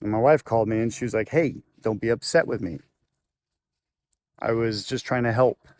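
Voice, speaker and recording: Speaking at normal speed in a medium-pitched, slightly mellow voice, this man tells a long personal story to camera. He wanders loosely, using fillers and restarts, while a faint hum of noise sits behind him.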